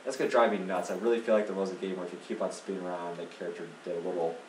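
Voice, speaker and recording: A man's voice: low-pitched, level tone, very fast, darkish tone. A man chatting and joking while commentating a video game. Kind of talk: casual let's-play commentary. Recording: echoey room, mic at a distance, faint noise.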